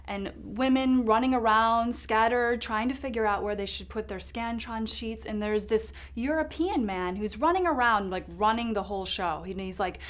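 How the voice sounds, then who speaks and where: A self-absorbed, ditzy lifestyle reporter acted by a woman tells her story in a slightly high voice. She rambles, stacks up fillers and restarts her sentences, the way a comedy sketch correspondent would. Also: moderate pace, few pauses, natural voice. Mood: chatty. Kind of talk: improvised comedy sketch monologue.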